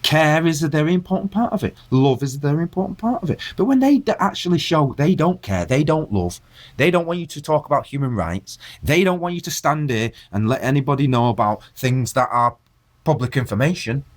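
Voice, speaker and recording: A man's voice: fairly high pitch, animated, fairly quick. A man delivering an impassioned video rant, preaching at his viewers and firing rhetorical questions at them. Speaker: vlogger.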